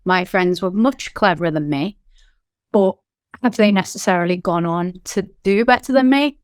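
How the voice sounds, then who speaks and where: A woman from Liverpool with a Liverpool accent, speaking as a business founder in an interview. Her voice is smooth and resonant, and she talks in an animated, chatty way with lots of "like" and "you know." The recording is dry and close. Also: fairly low pitch, dry recording. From England. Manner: animated, quick storytelling with frequent fillers. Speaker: company founder, guest. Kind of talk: candid interview talk.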